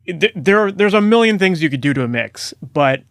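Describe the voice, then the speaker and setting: A man hosting a podcast and chatting casually with his guest. He reflects on the guest's points in quick asides and uses "like" often. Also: sits high, animated, no echo, studio quality. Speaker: podcast host. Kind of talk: casual interview chat.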